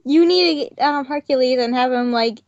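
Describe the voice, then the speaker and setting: A woman's voice: high voice, fairly quick, no room sound. Chatty teenage girl, dry muffled sound. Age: teens. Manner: chatty, full of "like" and "um" fillers. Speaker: student, podcast co-host. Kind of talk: casual chat.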